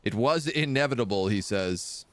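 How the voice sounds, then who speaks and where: A man talks through a video game stream, his pitch jumping up and down as he chats and reads the on-screen lines aloud. The sound is dry and close to the mic. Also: animated, normal speed, fairly bright tone, no room sound. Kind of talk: casual game commentary.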